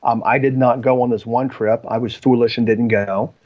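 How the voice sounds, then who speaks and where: A man's voice: mid-range voice, fairly even intonation, normal speed, darkish tone. A man, a podcast guest, telling personal stories in a rambling way with frequent ums and restarts. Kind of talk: storytelling in conversation. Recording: slightly dull lo-fi audio.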